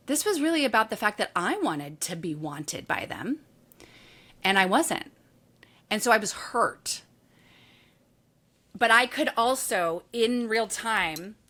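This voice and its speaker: A woman author being interviewed on a podcast, telling candid stories and acting out her own thoughts, swearing now and then. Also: mid-range voice. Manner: candid, animated storytelling with acted-out inner quotes and swearing. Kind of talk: conversational interview.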